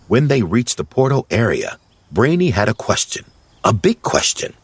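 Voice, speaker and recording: A man narrating an audiobook fairy tale in a measured storytelling voice. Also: fairly low pitch, breathy edge, no room sound. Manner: slow, lively storytelling.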